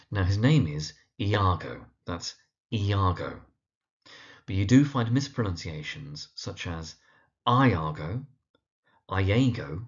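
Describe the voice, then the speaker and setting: Man, teacher, very low voice, slow careful repetition of names, muffled lo-fi recording. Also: darkish tone. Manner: careful, repeats each name slowly and deliberately. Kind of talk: instructional pronunciation guide.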